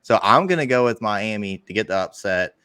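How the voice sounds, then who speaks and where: Give me a young man with a low voice giving measured football picks, dry recording. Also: animated, pushed and bright, clear, resonant tone, no room sound. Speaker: podcast co-host. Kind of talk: casual sports analysis.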